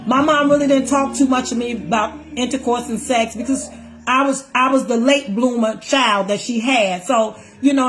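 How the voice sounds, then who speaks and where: A middle-aged woman telling her own life story in casual speech, acting out the voices of people in it and calling the listener "baby". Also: a little high. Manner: Southern Black American vernacular, calls listener "baby".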